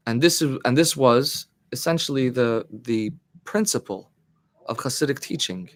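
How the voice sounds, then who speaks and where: Man, rabbi giving a Torah class, thoughtful lecture, pauses and restarts, stresses key words, answers the class. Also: medium pitch. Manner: thoughtful, searching for words, emphatic on key phrases.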